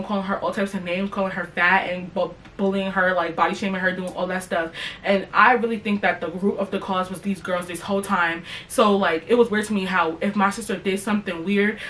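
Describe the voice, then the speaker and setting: Profane animated young woman storyteller. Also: medium pitch, slight background noise, rough recording. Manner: profane, animated, talks straight to viewers. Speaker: storytime vlogger. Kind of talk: casual storytime monologue.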